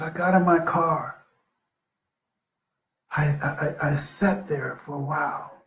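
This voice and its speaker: An older man giving a live motivational talk, telling personal stories with dramatic pauses. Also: fairly high pitch, steady tone, fairly bright tone, echoey room. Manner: storytelling, slow with dramatic pauses. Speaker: motivational speaker.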